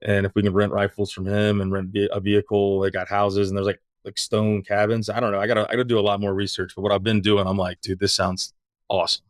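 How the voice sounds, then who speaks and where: A man's voice: on the low side, little pitch movement, fast, few pauses, no echo, clean studio sound. A man from East Tennessee, hosting a podcast in casual, rambling chat and swearing now and then. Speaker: podcast host.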